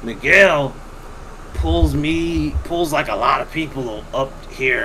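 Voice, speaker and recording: A man's voice: a little high, takes it slowly, background noise. A man hosting a podcast, telling a long story casually with lots of swearing and acting out what other people said. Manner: animated, profane, acts out quoted people.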